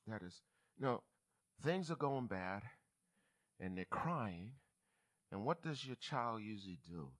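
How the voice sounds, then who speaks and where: A bishop preaching a lively church sermon, who talks back and forth with the congregation. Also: male voice, mid-range voice. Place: church service.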